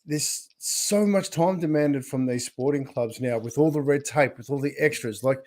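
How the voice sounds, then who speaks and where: A man's voice: medium pitch, normal speed, darkish tone. A man hosting an interview, encouraging his guest and building points as lists. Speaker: podcast host. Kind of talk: conversational interview.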